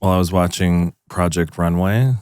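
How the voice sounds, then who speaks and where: A man appearing as a comedian guest on a podcast, chatting in a deadpan, jokey way. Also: sits low, normal speed, no room sound, clean studio sound. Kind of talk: casual chat.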